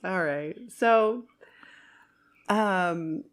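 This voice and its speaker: A woman co-hosting a casual film podcast, relaxed and giggly. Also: lowish voice, drawn-out words. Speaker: podcast co-host.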